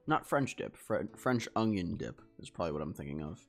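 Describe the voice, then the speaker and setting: A man's voice: lowish voice, brisk. A young man from Washington State streaming a game, chatting casually and answering his chat in a laid-back, rambling way. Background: game music.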